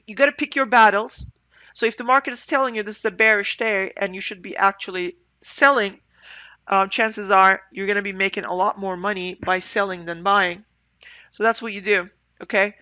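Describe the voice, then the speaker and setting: Bright-voiced congested woman reviewing charts. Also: medium pitch, dry recording, highs cut off. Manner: thinking aloud, halting, with fillers. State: congested, breathing through the mouth. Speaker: day trader reviewing charts. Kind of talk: end-of-day market review commentary.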